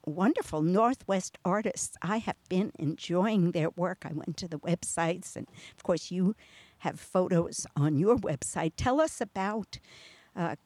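A woman's voice: fairly low pitch, measured pace, darkish tone, no room sound. New york lady hosting a radio chat, laughs a lot, dry close sound. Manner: chatty, laughs often, restarts sentences. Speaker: radio show host. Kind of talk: casual interview chat.

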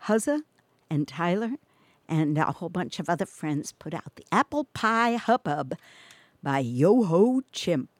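A woman's voice: fairly low pitch, animated, measured pace, no room sound. A woman hosting a community radio show, chatting casually with a guest, laughing often and using many fillers. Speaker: radio host.

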